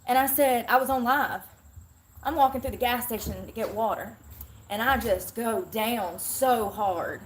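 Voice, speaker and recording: A woman's voice: a little high, slight background noise. A woman live-streaming an aggrieved, rambling rant into her phone. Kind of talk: ranting vlog monologue. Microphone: phone held for self-filming.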